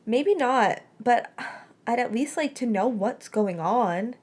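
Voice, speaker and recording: A wry, teasing teenage wizard boy, voiced by a woman reading a story aloud. He talks in a dry, joking, mock self-pitying way, a little higher than her usual voice. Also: animated, slow, darkish tone.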